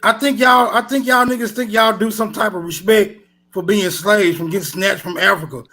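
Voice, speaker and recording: A man with a notably high voice trades insults in a heated online debate. He is mocking and provocative, hammering the same taunts over and over. He grew up in Texas. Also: moderate pace, sharp tone.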